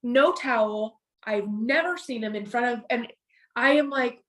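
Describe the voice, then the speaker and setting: Halting, emotional woman telling her story. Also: a little high, a bit bright. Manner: halting, with frequent restarts and repeated words. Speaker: podcast guest.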